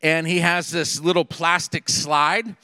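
A middle-aged man preaching a sermon, telling a personal story in an animated, conversational way. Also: on the high side, measured pace, dry recording, in a large hall. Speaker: pastor. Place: Seattle area.

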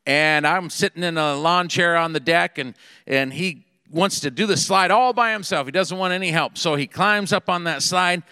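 A middle-aged man preaching a sermon, telling a personal story in an animated, conversational way. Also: fairly high pitch, moderate pace, clear, resonant tone, no room sound, long reverb tail. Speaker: pastor. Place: Seattle area.

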